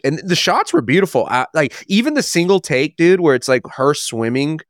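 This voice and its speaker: A man co-hosting a podcast in casual chat, rambling and correcting himself as he gets excited. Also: fairly high pitch, normal speed, dry recording, clean studio sound. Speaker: podcast co-host.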